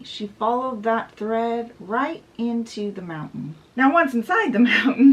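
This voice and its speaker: Chatty woman retelling a fairy tale, gravelly fry in her voice, sounds a bit far from the mic, pitched a touch high. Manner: chatty retelling with "she's like" quotes. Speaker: book vlogger. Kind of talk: casual storybook summary.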